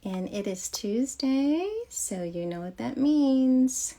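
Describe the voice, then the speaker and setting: A woman's voice: on the high side, animated, takes it slowly, mellow. A woman from Michigan hosting a casual livestream chat about children's books, upbeat and chatty, laughing often. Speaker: host of a children's author show.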